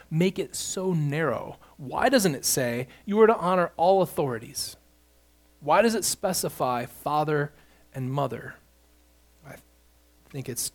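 A man's voice: a little high, a little mellow. A man preaching an expository sermon, building emphasis on key points as he walks through scripture. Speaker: pastor.

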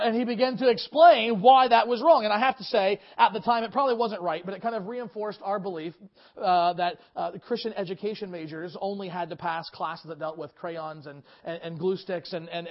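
A man with a high voice preaches an earnest sermon, stumbling now and then on fillers and false starts. The recording sounds dull and lo-fi, with a muffled top end. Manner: earnest, frequent fillers and restarts. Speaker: pastor. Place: church service.

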